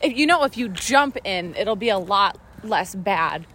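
A young woman chatting and laughing with a friend on a night walk outdoors, talking into a phone camera as she tells animated stories. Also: medium pitch, measured pace, slight background noise. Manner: giggly, animated storytelling. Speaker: vlogger. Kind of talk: casual chat on a night walk.

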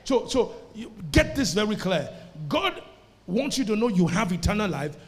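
A man preaching in a high, ringing voice, pressing his points and calling on the congregation to answer back. His sermon rolls out through a church hall with a long, echoing tail. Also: big pitch swings, normal speed, slight background noise. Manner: emphatic preaching, call-and-response with the congregation. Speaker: pastor. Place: church service before a congregation.

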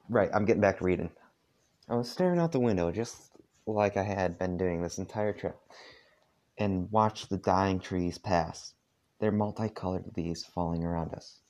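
A tired man casually reading a story aloud at home, halting often with asides. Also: deep voice, darkish tone. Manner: halting, with frequent asides and filler. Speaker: fanfiction reader. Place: dark room at home.

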